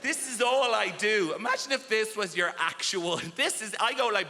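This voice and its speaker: High-voiced man doing stand-up in an echoey theatre. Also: normal speed, very noisy. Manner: animated, acts out voices of people in his stories. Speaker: stand-up comedian. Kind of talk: stand-up set. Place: large theatre stage with a laughing audience. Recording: echoey theatre hall with loud crowd.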